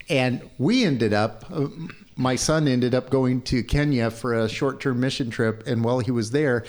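A middle-aged man telling a personal story in casual conversation, growing animated when he quotes people. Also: slow pace. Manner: animated when quoting, raises pitch for dialogue.

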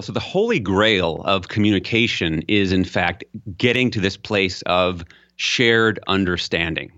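Male expert guest, lowish voice, slightly muffled audio, explains by example. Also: bright, forceful tone. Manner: explanatory, uses examples, rises in pitch for emphasis. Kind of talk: interview conversation.

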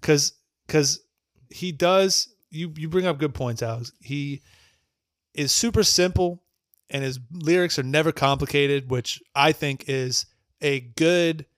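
A man's voice: fairly high pitch, slow pace, a bit bright, no room sound, studio quality. A man co-hosting a podcast, giving blunt, profanity-laced album ratings in casual chat and teasing his co-hosts. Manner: blunt, swears freely, teasing. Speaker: podcast co-host.

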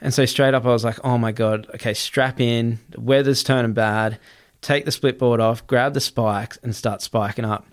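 A man's voice: medium pitch, fairly even intonation. A man telling a wild story in casual chat, swearing often and running his sentences together. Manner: swears freely, quick run-on telling. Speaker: guest.

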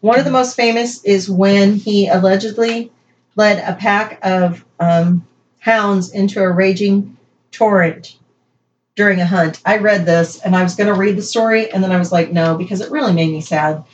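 A woman's voice: mid-range voice, steady tone, normal speed, muffled recording, a little hiss or hum. A woman co-hosting a casual podcast, reading folklore notes aloud with chatty asides and playful emphasis. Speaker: podcast co-host.

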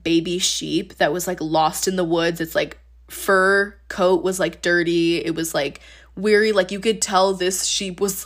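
A woman in her twenties, a podcast host, sharing her faith testimony in a casual, earnest way full of "like". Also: fairly low pitch. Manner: casual, earnest, heavy use of "like".

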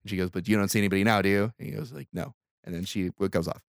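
A man's voice: fairly low pitch, animated, racing, creaky, dry recording. A man casually retelling a movie scene by scene on a podcast, acting out the characters' lines with loose swearing. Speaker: podcast host. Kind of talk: casual movie recap chat.

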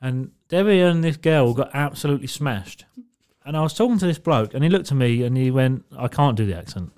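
A man's voice: medium pitch, expressive, brisk, a little mellow, smooth, no echo, clean studio sound. A young man from England co-hosting a podcast, telling stories in a laid-back, sweary way. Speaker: podcast co-host. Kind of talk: casual chat.

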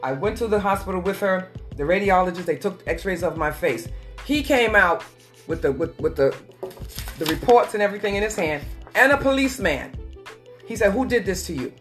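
A woman telling a personal story as a guest in an earnest, repetitive way, slowing down for emphasis. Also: medium pitch, animated, soft background music. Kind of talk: emotional personal testimony.

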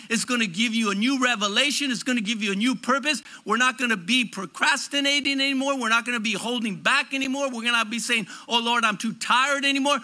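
A man's voice: extremely high pitch, bright, forceful tone. A man preaching a sermon to his congregation, fervent and declaring, stretching out emphatic phrases.

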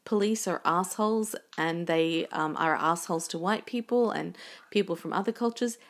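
A woman's voice: on the low side, normal speed. A woman talking bluntly and swearing in a casual chat, co-hosting.

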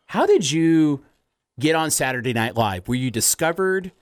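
A man's voice: fairly high pitch, animated, moderate pace, no room sound, studio quality. A man hosting a casual interview, asking eager, curious questions. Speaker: podcast host.

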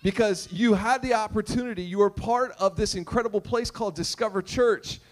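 High-voiced, emphatic male pastor. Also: brisk. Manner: emphatic, repetitive, joking, asks the crowd questions. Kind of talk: sermon.

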